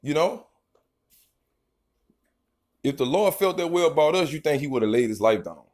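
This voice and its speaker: A man's voice: on the high side, lively intonation, normal speed, darkish tone. A man preaching an informal, profane sermon. He reads scripture verses, then riffs on them in a rambling, emphatic way and keeps tagging lines with "man". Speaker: street preacher.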